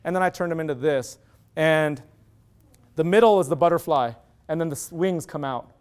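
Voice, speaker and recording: A middle-aged man giving an animated storytelling lecture, acting out quoted dialogue. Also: fairly high pitch, normal speed, smooth. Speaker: university lecturer.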